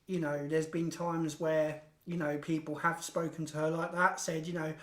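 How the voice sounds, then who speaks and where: A man sharing his own experiences in a relaxed, conversational way, often with short agreements. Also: on the high side, normal speed. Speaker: co-presenter sharing lived experience. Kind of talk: casual conversation. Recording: roomy echo.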